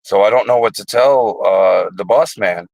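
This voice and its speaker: A man voicing a male coworker who speaks halting, broken English. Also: fairly low pitch, vocal fry, darkish tone, no room sound, rough recording. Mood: hurried.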